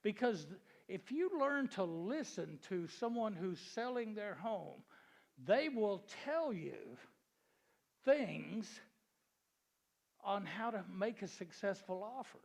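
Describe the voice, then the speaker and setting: A man's voice: high voice, very animated, slow, creaky, darkish tone. A man telling jokes and stories in a folksy way to a real estate seminar audience, asking them questions as he goes. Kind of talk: joke-telling seminar talk to a live audience.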